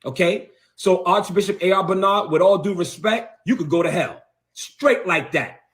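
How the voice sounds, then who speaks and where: A man's voice: sits high, moderate pace, fairly bright tone. A man, a bishop, delivering a heated, confrontational video rant and repeating words for emphasis.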